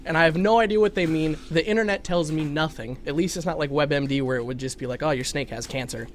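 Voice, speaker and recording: A man co-hosting a podcast, telling stories in an animated, slightly anxious casual way. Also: fairly high pitch, fast talker, slight background noise. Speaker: podcast co-host. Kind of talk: casual chat.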